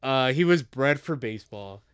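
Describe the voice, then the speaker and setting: A man's voice: medium pitch, lively intonation, moderate pace, a bit bright, smooth, no echo. A young American man co-hosting a podcast, ranting heatedly and swearing constantly. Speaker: podcast co-host. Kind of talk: casual profane rant.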